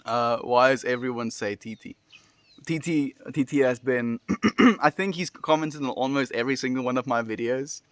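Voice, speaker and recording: A man hosting a daily livestream, reading chat comments aloud and answering them in a relaxed, friendly way with lots of fillers. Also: mid-range voice, normal speed, no echo. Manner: relaxed and friendly, many fillers, laughs often. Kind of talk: casual chat.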